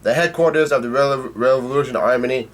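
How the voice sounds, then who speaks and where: Casual man reading a comic aloud. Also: medium pitch. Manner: reads haltingly, with restarts and blunt asides. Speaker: comic reader and reviewer. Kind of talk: casual read-through of a comic.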